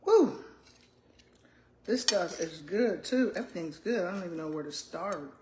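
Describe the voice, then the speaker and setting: Between bites, a retired principal in her 60s hums, murmurs and chats with her viewers, whom she calls y'all. Her voice sits on the low side, expressive and at a moderate pace, against a noisy background.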